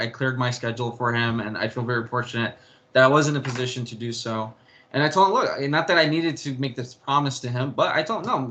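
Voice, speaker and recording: Bright-voiced man telling a personal story. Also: mid-range voice. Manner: rambling, frequent restarts and swearing. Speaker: interview guest.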